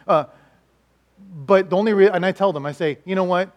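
High-voiced animated preacher man. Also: a little fast. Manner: animated storytelling preacher, swings between loud and hushed. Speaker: pastor and chaplain. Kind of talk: sermon.

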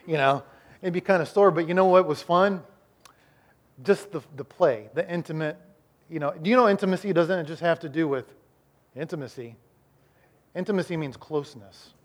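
Man preaching a sermon, fairly high-pitched voice, loud emphasis then quiet slow lines, frequent restarts. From Iowa, United States. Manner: repeats words and restarts often. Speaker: pastor.

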